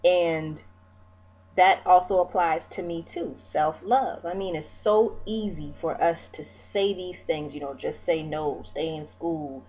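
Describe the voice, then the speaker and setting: A woman's voice: on the low side, slow pace, a little mellow, slightly rough, low-quality recording. Candid, encouraging woman in her forties. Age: 40s. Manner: candid, encouraging, lots of fillers. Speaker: vlogger. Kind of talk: reflective personal talk.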